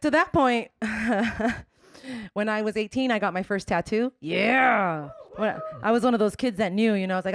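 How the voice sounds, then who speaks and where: A woman's voice: mid-range voice, moderate pace, no echo, studio quality. A woman in her forties from Colombia, doing a brash, bawdy stand-up comedy set. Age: 40s.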